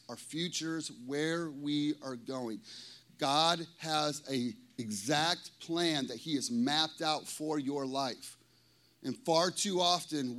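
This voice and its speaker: Man, pastor, joking sermon, talks straight to the room, bright tone. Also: on the high side. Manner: energetic, jokey, talks straight to the congregation. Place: church.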